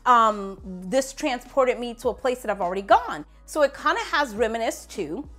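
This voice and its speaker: An animated woman with a fairly high voice chats casually through a product review. She swings between loud, excited exclamations and quiet, low asides. Faint music plays underneath. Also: moderate pace. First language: English. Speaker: beauty and fragrance vlogger.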